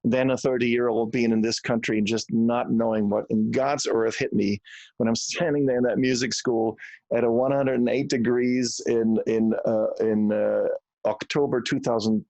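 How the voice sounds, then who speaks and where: Man, 60s, mild German accent, earnest reflective guest, medium pitch, dry close sound. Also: little pitch movement, normal speed, a little mellow, no echo. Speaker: guest musician. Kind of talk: conversational interview.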